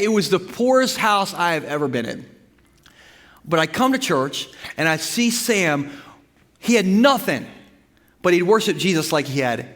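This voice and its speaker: High-voiced pastor preaching in a hall. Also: male voice. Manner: animated, humorous, with bursts of emphasis. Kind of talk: sermon with storytelling. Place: church sanctuary. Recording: long hall reverb from the church.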